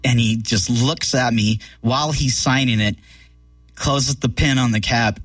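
A man's voice: mid-range voice, steady tone, measured pace, fairly bright tone, no room sound, far from the mic. A man telling a long story in casual chat, rambling with many fillers and swearing freely.

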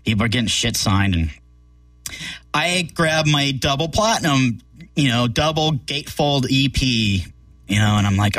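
A man's voice: on the low side, a little slow, a bit bright, no echo, distant mic, faint music behind. A man telling a long story in casual chat, rambling with many fillers and swearing freely.

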